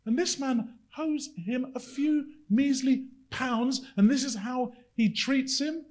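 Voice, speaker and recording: Indignant male servants, shocked and incredulous at a cruel master, as a preacher voices them. They speak lower and quieter than the preacher's normal voice, slow and disbelieving. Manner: outraged, incredulous.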